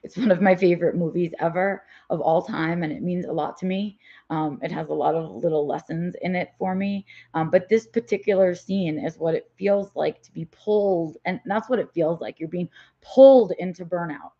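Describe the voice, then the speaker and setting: A woman's voice: lowish voice, moderate pace, warm tone. A woman live-streaming a candid personal vlog, rambling with fillers and restarts, while fighting a migraine. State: has a migraine. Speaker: vlogger. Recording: dull lo-fi audio.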